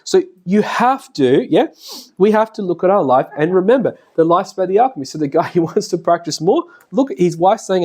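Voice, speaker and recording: Chatty man lecturing with animated pitch. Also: normal speed. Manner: chatty, laughs often, acts out voices of family members. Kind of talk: casual spoken lecture with anecdotes. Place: classroom.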